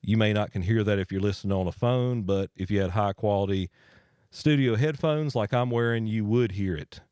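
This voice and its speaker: Low-voiced man demoing audio gear. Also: fairly quick, dry recording, clean studio sound. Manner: relaxed, folksy explaining with asides. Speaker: audio gear tutorial host. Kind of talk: casual hands-on equipment demo. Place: home studio with air handler running. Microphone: dynamic studio mic through a voice processor.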